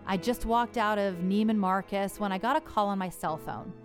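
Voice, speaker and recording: A woman earnestly narrating a personal story in a measured way. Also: medium pitch, soft background music.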